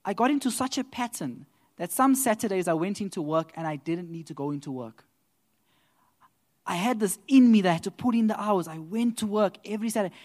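A man giving a church testimony that builds into preaching, telling his story with laughter and loud outbursts. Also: high voice, a little fast. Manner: animated storyteller who laughs and swells into loud exclamations.

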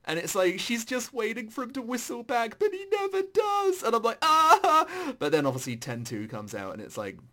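A man in casual chat about video games, animated and swearing, his voice jumping high when excited. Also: fairly quick, few pauses.

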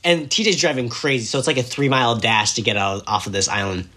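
A young man telling a story casually as a podcast guest, animated and laughing as he acts out what people said. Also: medium pitch, fast talker.

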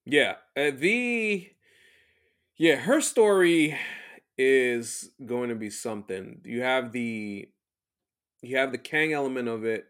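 A man's voice: mid-range voice, expressive, slow, a bit bright. A man co-hosting a podcast in casual chat, easygoing and prone to digressions. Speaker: podcast co-host.

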